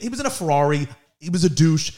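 Young male co-host; quick, slightly high voice, animated and defensive. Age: young adult. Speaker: podcast co-host, son. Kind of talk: casual podcast chat.

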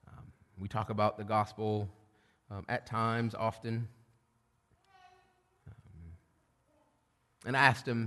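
A middle-aged man preaching a sermon, shifting between loud preaching and quiet storytelling. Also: on the low side, fairly even intonation, slow pace, pauses often. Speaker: pastor. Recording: long hall reverb.

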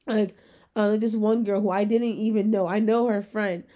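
A young woman in her twenties hosting a solo podcast, rambling in very fast casual chat with a rough-sounding voice. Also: mid-range voice, flat delivery, lo-fi sound. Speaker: podcast host.

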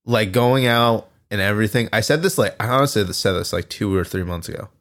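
Relaxed male co-host who reacts with laughs and short casual replies. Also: lowish voice, brisk. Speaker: podcast co-host. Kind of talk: casual chat.

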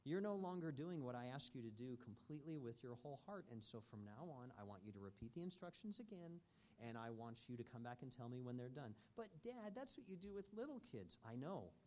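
A man teaching a church parenting class in an earnest, measured way with frequent pauses. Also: mid-range voice, animated, warm tone, slight background noise.

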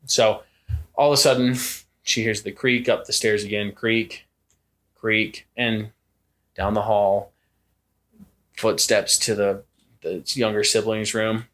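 A young man casually telling a spooky story on a podcast, acting out the voices and creaking sounds. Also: on the low side, takes it slowly, long pauses. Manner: animated, acts out quoted voices and creaks. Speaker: podcast co-host.

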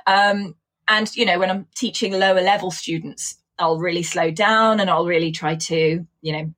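English teacher lady, mixed-up british accent from travelling, kinda husky, chatty and explaining stuff. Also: fairly low pitch, steady tone, moderate pace, a bit bright. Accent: hybrid British accent shaped by travel. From England. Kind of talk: casual interview answer.

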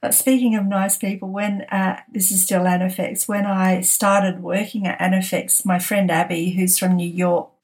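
A woman's voice: medium pitch, moderate pace, hardly any pauses. A middle-aged woman, casually telling a personal anecdote, laughing often and acting out the voices of the people in it. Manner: lively, laughs often, acts out quoted voices. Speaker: podcast storyteller.

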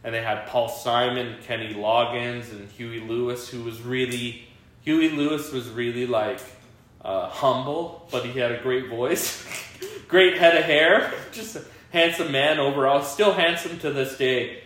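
A man hosting a podcast, chatting casually at a slow pace, rambling with lots of fillers and laughing often. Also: medium pitch, fairly bright tone. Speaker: podcast host. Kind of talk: casual chat. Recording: very echoey room, faint hiss.

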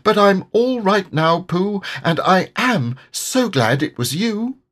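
A man voicing a tiny, timid young piglet in a high, squeaky, fretful voice while reading a storybook aloud. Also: expressive, slow pace, a bit bright, heavily acted. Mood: anxious squeaky.

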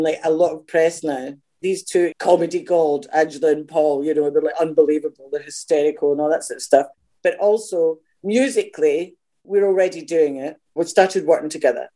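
A middle-aged Scottish woman, a singer, telling animated anecdotes as a guest, acting out other people's voices and swearing freely. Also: low-pitched. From Scotland.

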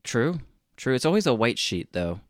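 A man co-hosting a casual movie podcast, talking in a halting way with dry quips. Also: mid-range voice, very animated, no room sound. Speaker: podcast co-host.

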